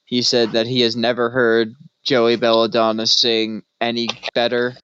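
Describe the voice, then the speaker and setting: A man's voice: mid-range voice, completely flat delivery, moderate pace, fairly bright tone, clean tone, no room sound. A man co-hosting a podcast, talking in a chatty, enthusiastic way during casual chat. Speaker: podcast co-host. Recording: dull lo-fi sound, dry.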